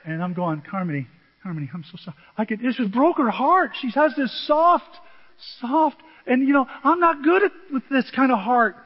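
An older man preaching a sermon as pastor, telling self-deprecating stories with dramatic swings from soft to loud. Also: very high-pitched, expressive, moderate pace, slightly rough. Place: church sanctuary. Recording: muffled audio with long hall reverb.

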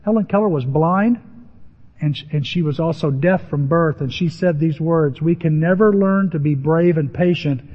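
Male preacher, high register, animated storyteller; muffled recording with long reverb from a church hall. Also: normal speed. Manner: animated, acts out biblical voices with rising pitch. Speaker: pastor. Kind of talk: sermon.

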